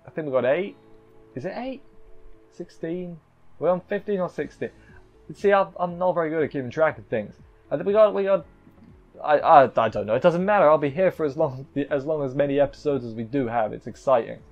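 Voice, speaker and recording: A man's voice: fairly high pitch, animated, muffled recording, faint music behind. A man casually reviewing an anime episode, rambling with restarts and briefly acting out characters' lines. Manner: chatty, rambling with many restarts and fillers; acts out characters' lines in quick asides.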